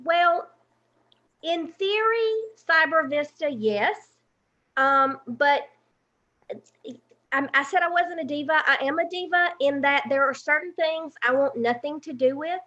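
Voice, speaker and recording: A woman with an Alabama accent, a guest chatting casually over a dull, lo-fi video call line. Her voice is slightly higher than most women's, and she talks in a chatty way with fillers and restarts. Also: measured pace, pushed and bright. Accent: Southern US, Alabama. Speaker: guest, content manager. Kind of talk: casual interview chat.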